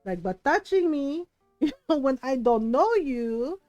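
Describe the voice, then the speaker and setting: A woman streamer telling a story in casual chat, animated, laughing often and saying "like" and "right?" a lot. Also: high voice, unhurried, dull audio, soft background music.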